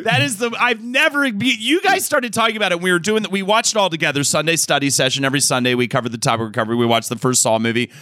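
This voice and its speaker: An enthusiastic man co-hosting a podcast, chatty and quick to react. His voice is bright and forceful, and it is recorded close and dry with no room sound. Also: fairly high pitch, dry recording. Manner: enthusiastic, chatty, with frequent fillers. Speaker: podcast co-host. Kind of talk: casual chat.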